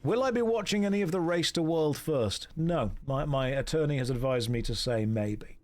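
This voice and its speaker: A man's voice: on the high side, moderate pace, few pauses, a little mellow. A man streaming a video game who gives sarcastic, joking commentary and answers his live chat.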